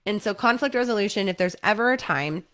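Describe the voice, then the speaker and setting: A woman's voice: mid-range voice, fast. A woman, a lawyer, giving casual relationship advice to camera in a conversational way, often checking in with "right?" and acting out quotes. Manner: lively, acts out quoted partners.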